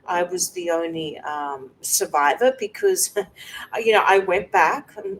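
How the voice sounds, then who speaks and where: A woman host talking personally to camera, soft and halting with many fillers, at times close to tears. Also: mid-range voice, slight background noise, low-quality recording. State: emotional, close to tears at moments. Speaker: wellness coach and video host.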